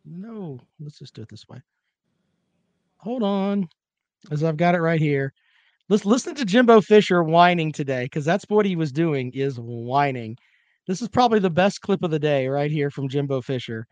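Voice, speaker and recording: A man's voice: on the high side, smooth, no room sound, highs cut off. A man hosting a casual sports talk show, rambling and joking while he fumbles for clips.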